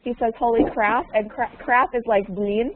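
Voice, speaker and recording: A woman's voice: on the high side, steady tone, moderate pace. A woman teaching a conversation class over a video call. She repeats her questions patiently and slips in Russian words to explain. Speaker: English teacher. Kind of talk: online conversation lesson. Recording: tinny, narrow call audio with faint noise.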